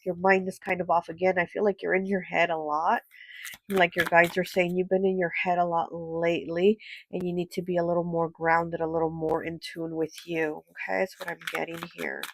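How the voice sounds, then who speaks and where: A woman's voice: fairly low pitch, flat delivery, brisk, creaky, a little hiss or hum. Nasal, congested woman reading tarot. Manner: gentle, reassuring, frequent fillers and check-ins. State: congested from a cold. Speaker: tarot reader. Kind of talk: pick-a-card tarot reading.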